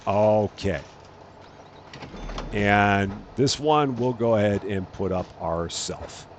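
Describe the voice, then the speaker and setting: Speaking slowly in a lowish voice against a noisy background, a man hosts a let's-play. He chats casually, narrating each task aloud and often catching and fixing his own words.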